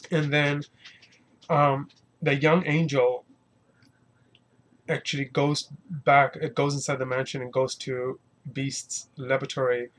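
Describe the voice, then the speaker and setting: A man with an ordinary mid-range voice reviews comic books in a loose, conversational way. He rambles through plot recaps, acting out characters' lines in quotes and filling pauses with "um" and "you know". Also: mid-range voice. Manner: rambling, heavy "you know" fillers, retells scenes in quotes. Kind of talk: casual spoken review.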